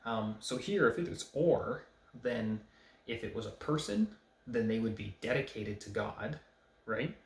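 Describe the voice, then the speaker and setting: A man giving an informal Bible study, talking in a conversational, hesitant way with many pauses and fillers. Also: on the low side, lively intonation, echoey room. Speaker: Bible teacher.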